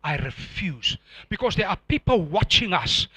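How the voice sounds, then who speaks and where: A man preaching a sermon as pastor, animated and firing rhetorical questions at the congregation. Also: high voice, normal speed, slightly rough, no echo.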